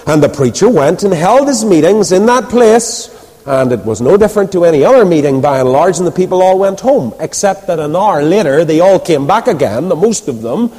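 Animated preacher in a hall. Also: male voice, high voice, slightly rough. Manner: animated storytelling, rhetorical questions, acts out quoted voices. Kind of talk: sermon. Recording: reverberant hall.

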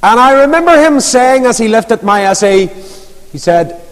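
A man's voice: very high-pitched, normal speed. Guy preaching, tells stories, voice swings up and down a lot, big echoey hall. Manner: storytelling, animated, rising and falling emphasis. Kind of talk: sermon. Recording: long reverb of a large hall.

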